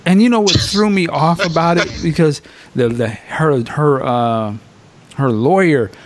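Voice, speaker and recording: A man hosting a podcast in casual chat, telling stories with slang and swearing, jumping up high to act out quotes, and laughing often. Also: a little slow. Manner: animated storytelling, acting out quotes in a raised voice. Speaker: podcast host.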